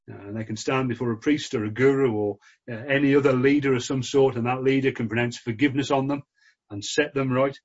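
A man preaching a sermon in an earnest, measured way, with frequent fillers. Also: mid-range voice, darkish tone, slightly rough. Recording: dull lo-fi recording.

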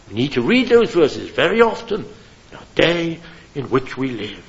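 A man preaching from a church pulpit, impassioned and emphatic, swinging between loud declarations and hushed appeals. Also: fairly high pitch, big pitch swings, moderate pace, vocal fry, lo-fi sound. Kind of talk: sermon.

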